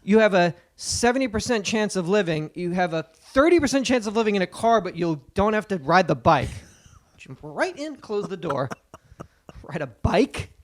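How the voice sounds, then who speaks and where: High-voiced man riffing on a podcast. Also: very animated, normal speed. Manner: profane, riffing, jumps into voices. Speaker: podcast co-host. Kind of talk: casual comedy podcast chat.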